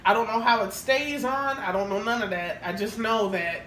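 A woman's voice: on the high side, moderate pace, fairly bright tone. A woman co-hosting a podcast in casual chat, frank and crude, often laughing as she tells stories. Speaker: podcast co-host. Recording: roomy, distant mic with faint hiss.

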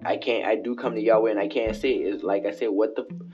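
A man with a lowish voice rambles through a solo late-night podcast, preaching and repeating himself as he goes. The recording is dull and lo-fi, made in a home bathroom with faint music behind him. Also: fairly even intonation, fast talker, darkish tone. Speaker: podcast host.

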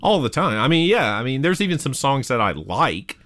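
Teasing man with a lively voice. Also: medium pitch, fairly quick. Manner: teasing, wisecracking. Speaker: podcast co-host. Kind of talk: casual chat.

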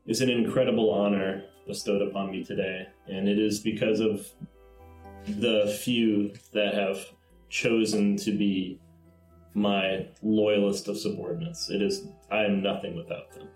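A man's voice: on the low side, flat delivery, unhurried, a little mellow, soft background music, close to an everyday voice. A man voicing an earnest, newly promoted male ship captain who speaks formally. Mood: solemn. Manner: formal, speech-making. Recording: echoey room.

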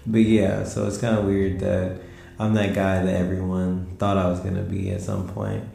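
A tired young man hosts his podcast late at night from home, drifting through slangy, laid-back talk. His voice sits very low, with a dark, mellow tone and a gravelly edge. The room adds a clear echo. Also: level tone, moderate pace. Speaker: podcast host. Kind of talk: casual late-night monologue. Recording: roomy echo with faint music.

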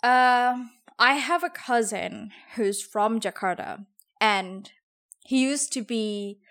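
A woman's voice: on the high side, slow, a bit bright. Thoughtful woman from Java, hesitant. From Java, Indonesia. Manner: thoughtful, hesitant, many ums. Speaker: podcast co-host, former English teacher. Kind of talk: casual chat.

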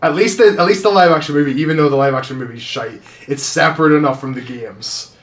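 A man's voice: a little high, fast. A man, co-hosting a podcast in loose, joking casual chat and swearing freely. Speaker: podcast co-host.

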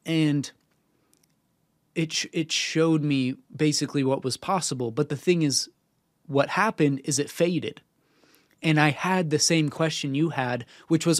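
A man's voice: a little high, a little slow, no echo, clean studio sound. A young man hosting a podcast, telling a personal story in an earnest, casual way with fillers and restarts. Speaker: podcast host. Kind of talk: casual spiritual talk.

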